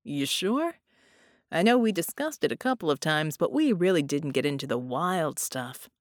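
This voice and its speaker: A woman's voice: deep voice, animated, moderate pace, no echo, studio quality. A woman voicing a sarcastic captive man who answers with flippant jokes. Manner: flippant, joking. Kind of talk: audiobook character voice.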